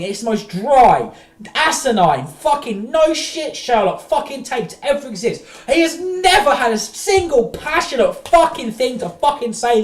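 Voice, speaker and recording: A woman's voice: fairly high pitch, darkish tone, reverberant. A woman streamer ranting profanely in exasperated reaction commentary.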